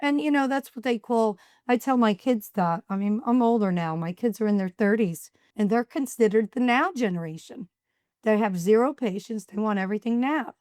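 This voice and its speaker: A woman's voice: fairly high pitch, normal speed, no room sound, clean studio sound. A middle-aged woman, a podcast guest, telling stories in casual talk and acting out the dialogue. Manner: animated storyteller acting out dialogue. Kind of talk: casual storytelling.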